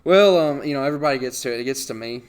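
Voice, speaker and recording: A man's voice: medium pitch, racing, clean tone. A young adult man hosting a podcast, telling a story in casual chat and laughing often along the way. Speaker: podcast host.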